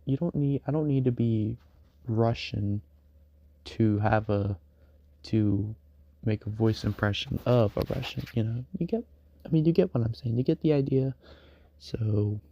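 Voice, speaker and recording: A man's voice: medium pitch, mellow, no room sound, muffled recording. A man rambling in a casual late-night stream monologue, full of fillers and restarts. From United States.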